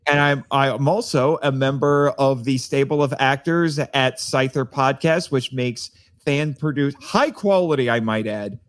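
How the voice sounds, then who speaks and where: A man chatting as a podcast guest, animated and quick to laugh, often stumbling and restarting his words. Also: medium pitch. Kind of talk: casual chat.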